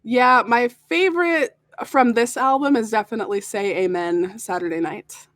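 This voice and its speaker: A young woman, a voice actor answering interview questions in a relaxed, giggly way. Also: fairly high pitch, moderate pace, dry recording, studio quality. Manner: giggly, laughs often. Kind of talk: casual interview chat.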